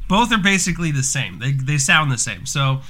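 Casting: thirties male podcast co-host, very bright tone, lively storyteller. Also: medium pitch, fairly quick. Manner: animated storyteller, laughs while telling. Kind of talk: casual chat.

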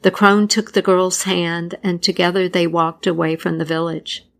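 A woman narrating a folktale and its history in a measured, deliberate scripted style. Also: fairly low pitch, flat delivery, gravelly, fairly bright tone. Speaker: storyteller.

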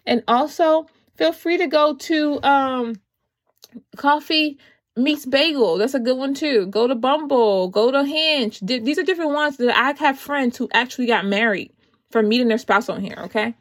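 A woman's voice: high voice, normal speed. A woman telling viewers a personal story in a casual, chatty way, often calling out to them as y'all and ladies while she gives dating advice. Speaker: vlogger giving Christian dating advice.

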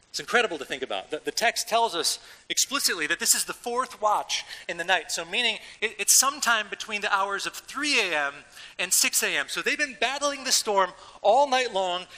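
A man preaching a sermon as a pastor, in a casual, animated way with everyday slang, a father of young children. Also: high voice, long reverb tail, poor audio. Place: church.

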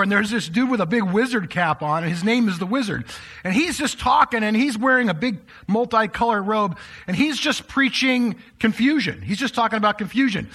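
A man's voice: high-pitched, pushed and bright. A man preaching a sermon to a live congregation in a church, speaking conversationally and addressing the listeners directly. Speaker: pastor.

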